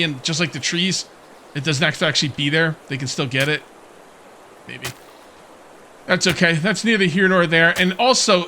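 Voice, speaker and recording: A man's voice: a little high, a little hiss or hum. A man casually commenting while playing a survival game, rambling and questioning himself, with hiccups. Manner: musing, rambling, self-questioning with soft laughs. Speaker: gameplay let's player.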